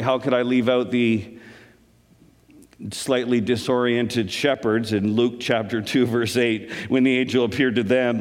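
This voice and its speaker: Man preaching, earnest conversational sermon, church hall with long reverb, mid pitch. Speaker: pastor.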